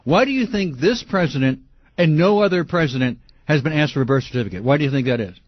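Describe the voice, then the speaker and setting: Ranting male radio host, high lively voice. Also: fast, dry recording, highs cut off. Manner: heated ranting, shouts in outrage. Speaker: radio talk show host. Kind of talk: call-in radio talk.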